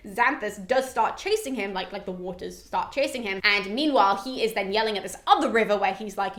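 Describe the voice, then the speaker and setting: A woman's voice: fairly high pitch, a little fast, hardly any pauses, fairly bright tone. A young woman retelling a myth in a casual, frank way, often saying "like". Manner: chatty, frank, peppered with "like". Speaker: mythology video host. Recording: roomy echo.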